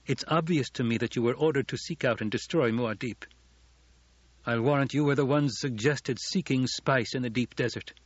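A man's voice: medium pitch, normal speed, slightly rough, dry recording, close to an everyday voice. A man voicing a commanding young male duke in a storybook reading, stern and giving orders. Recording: dull lo-fi audiobook recording.

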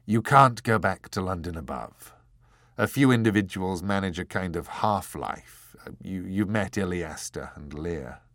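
A man's voice: low-pitched, animated, unhurried, fairly bright tone, no room sound, full character voice. A man voicing a suave, unsympathetic man in an audiobook, speaking in a cool, dry, matter-of-fact way. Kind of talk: audiobook character voice.

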